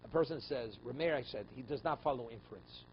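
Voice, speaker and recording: Speaking fast in a mid-range male voice, a rabbi reads Aramaic passages from the Talmud and explains them in English, often asking "okay?" and "right?". Crowd noise can be heard, and the recording is slightly dull with faint room noise.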